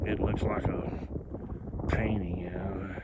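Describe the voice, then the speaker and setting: A middle-aged man talks in a loose, folksy ramble as he films the view from a windy overlook. His voice sits a little low. The phone he holds in his hand gives a muffled, lo-fi sound, with heavy wind roaring over it. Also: little pitch movement, slow. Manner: rambling, folksy, laughs often. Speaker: vlogger. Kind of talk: casual outdoor vlog narration. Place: outdoors on a windy rim overlook. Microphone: phone held in hand. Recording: lo-fi phone audio with loud wind.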